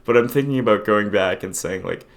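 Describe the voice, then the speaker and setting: A man's voice: lowish voice, brisk. A man in his twenties rambling hesitantly and self-deprecatingly in a casual confessional vlog. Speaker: vlogger.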